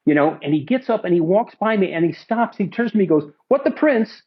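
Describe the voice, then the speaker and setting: Middle-aged man, film crew storyteller; husky, mid-pitched, rambling, on dull lo-fi interview audio. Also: quick pace. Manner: rambling, lots of restarts and asides. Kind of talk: anecdotal storytelling.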